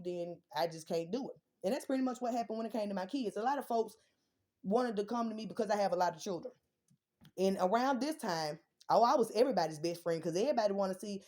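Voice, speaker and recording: A young woman ranting bluntly and defiantly about her family and her kids, swearing often. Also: mid-range voice. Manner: profane, blunt, defiant, rising to shouts. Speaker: vlogger. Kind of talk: heated personal rant.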